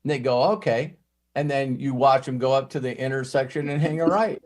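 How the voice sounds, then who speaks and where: A man leads a live coaching session at an ordinary middle pitch. He tells lively stories and acts out bits of dialogue in other voices. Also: fast. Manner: animated storyteller, acts out quoted dialogue. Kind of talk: live mastermind coaching talk.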